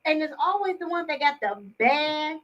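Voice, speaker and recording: A woman's voice: high voice, animated, normal speed, a bit bright, muffled recording. A woman co-hosting a casual talk show, chatty and full of fillers. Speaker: co-host. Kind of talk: casual chat.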